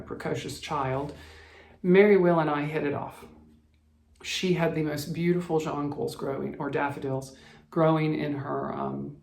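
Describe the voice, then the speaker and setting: A man's voice: a little high, creaky, roomy sound. A man from the American South, a cross-stitch vlogger, telling a childhood memory in a rambling, reflective way with many restarts, choked up at times. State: emotional, choked up. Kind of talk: personal storytelling.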